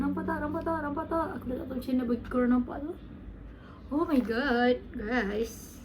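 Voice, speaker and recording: Excitable Malaysian woman, high voice. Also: brisk, background noise. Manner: gushing, excitable, mixing Malay and English. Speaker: vlogger. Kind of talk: casual unboxing vlog.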